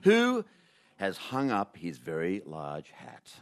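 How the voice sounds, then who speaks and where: A man, hosting a radio show with a dry, deadpan comic monologue. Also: low-pitched, slow pace. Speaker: radio host. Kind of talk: comic scripted monologue then panel chat.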